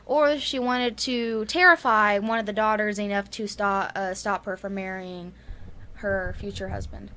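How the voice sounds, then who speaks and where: A woman's voice: medium pitch, steady tone, a little slow, bright, forceful tone, a little hiss or hum. Rambling Southern woman telling a ghost story. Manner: rambling, laughs often, many fillers. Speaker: podcast co-host. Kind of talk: casual storytelling chat.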